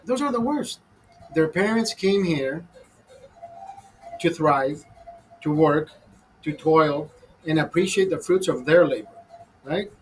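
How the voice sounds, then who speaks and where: A man's voice: on the high side, expressive, slow, pauses often, husky, poor audio. A man ranting casually to his viewers over a beer, profane and fired up, calling them brother. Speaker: host.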